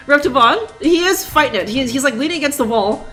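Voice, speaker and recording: Faint game music accompanies a woman streamer's brisk, expressive live commentary on a game. She rambles and laughs with a sarcastic edge, her bright, high voice ranging widely in pitch.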